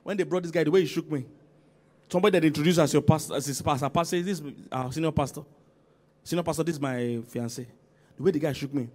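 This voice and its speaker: A senior pastor preaches a sermon in church, his fairly high voice moving fast as he swings from loud calls to quiet emphasis. He repeatedly asks the congregation to respond.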